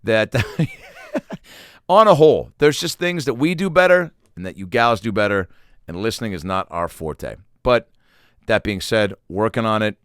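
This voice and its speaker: A man with a lowish voice riffs through a solo podcast monologue, his pitch swinging widely as he piles up profane, self-mocking stories. The sound is close and dry, with no room around it. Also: measured pace, smooth, no room sound. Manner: animated, profane, rambling storytelling; self-deprecating. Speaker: podcast host. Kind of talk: casual comedic solo monologue.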